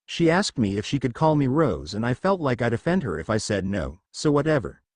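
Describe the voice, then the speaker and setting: A man reads a sarcastic young woman in this storybook reading. Her tone is icy, and she cuts people off fast. The voice swings up and down freely, close and dry. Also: mid-range voice, big pitch swings, no echo.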